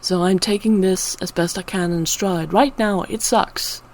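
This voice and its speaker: Teary woman rambling, slightly low voice. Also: fairly even intonation, a little slow, a little mellow. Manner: emotional, on the verge of tears, drops to whispers at times. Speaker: channel host. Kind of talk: unscripted personal ramble.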